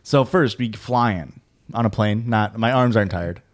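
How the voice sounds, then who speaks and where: A man's voice: on the low side, moderate pace. A man co-hosting a podcast, telling a story in a casual, dry and wry way. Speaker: podcast co-host. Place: echoey room.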